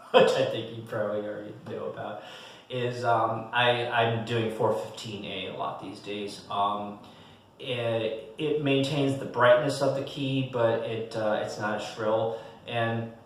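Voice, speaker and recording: A man giving a relaxed, casual fiddle lesson, hesitant with many ums and restarts, counting beats aloud as he explains. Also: mid-range voice, slow, distant mic, a little hiss or hum. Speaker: fiddle teacher. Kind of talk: casual one-on-one music lesson. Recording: very echoey room, a bit off mic. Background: fiddle playing between talk.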